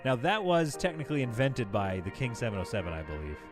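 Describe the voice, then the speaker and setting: A man's voice: medium pitch, sing-song, fast talker, over loud music. A man casually chatting on a live game stream, reading out viewer messages and laughing often. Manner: chatty, reads chat aloud, laughs often. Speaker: livestream gamer host.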